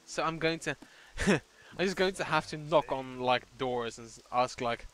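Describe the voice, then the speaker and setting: A man's voice: medium pitch, normal speed, fairly bright tone. A man giving sweary, sardonic, rambling commentary while playing a video game. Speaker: let's play host. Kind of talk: casual gameplay commentary.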